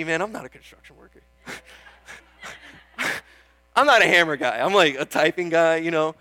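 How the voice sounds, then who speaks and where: Bright high-voiced young preacher. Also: male voice, dry recording. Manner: earnest and chatty, calling out "Amen?" to the crowd; self-deprecating, laughs at himself. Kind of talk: sermon.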